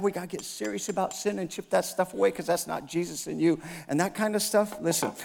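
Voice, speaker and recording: A man's voice: on the high side, creaky, a little mellow, big-room sound. A man in his fifties preaching a sermon as a pastor, telling a personal story with self-mocking humor and acted dialogue. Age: 50s.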